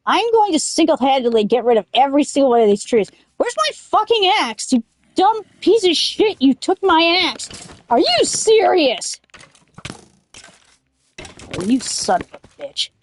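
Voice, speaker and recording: High-pitched and very animated, a woman streams a let's-play at a measured pace. Her casual chat wanders into silly riffs, broken up by sudden angry outbursts of swearing at the game.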